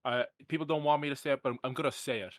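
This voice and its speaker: A man's voice: medium pitch, steady tone, racing, no echo. A man hosting a casual podcast interview, teasing his co-host and often restarting his sentences.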